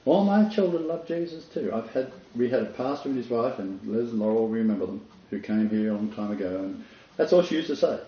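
A man giving a Bible lesson, reading quotes slowly and repeating key words for emphasis. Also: mid-range voice, lively intonation. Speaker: Bible teacher. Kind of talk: teaching talk, reading quotes aloud. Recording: roomy, slightly dull sound.

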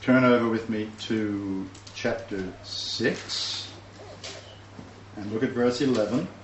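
A man's voice: fairly low pitch, fairly even intonation, slow, a little hiss or hum. A man preaching a sermon, reading scripture and speaking with fervent emphasis and scornful asides. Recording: roomy, distant, dull recording with faint ambience.

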